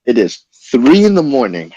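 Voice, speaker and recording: Animated young man telling a wild story. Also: medium pitch, husky, dry recording, lo-fi sound. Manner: animated, swearing, quick retelling. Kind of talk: casual storytelling.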